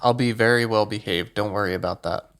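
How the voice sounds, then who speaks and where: A man's voice: lowish voice, fairly quick, a bit bright. A man playing a tabletop game in a laid-back, sarcastic, shrugging manner. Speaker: player. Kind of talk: casual tabletop play.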